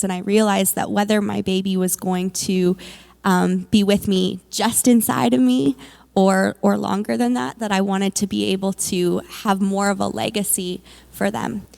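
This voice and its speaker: Candid woman with a gravelly edge. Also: medium pitch, a little mellow. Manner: candid and conversational, peppered with "like" and "um". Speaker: mother sharing a faith testimony. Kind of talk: personal testimony at a church service.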